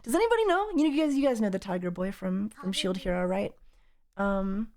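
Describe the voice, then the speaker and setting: A woman's voice: medium pitch, moderate pace, warm tone. Playful young woman streamer, teasing. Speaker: VTuber streamer. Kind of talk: casual livestream chat, reading chat aloud.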